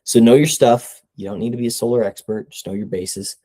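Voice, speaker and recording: A man's voice: mid-range voice, steady tone, a little fast, dark tone. A young man giving casual sales coaching, talking conversationally and often checking in with "right?". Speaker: sales trainer.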